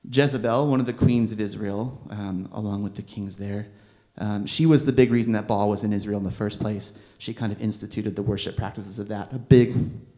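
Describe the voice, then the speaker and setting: A man preaching a sermon in a conversational, animated way, using filler words as he goes. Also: lowish voice. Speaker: pastor.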